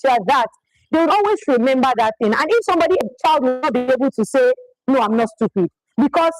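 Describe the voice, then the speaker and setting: A woman's voice: high voice, dry recording, rough recording. A woman giving a live public speaking workshop, talking emphatically and often repeating phrases for effect. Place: presentation venue in Lagos.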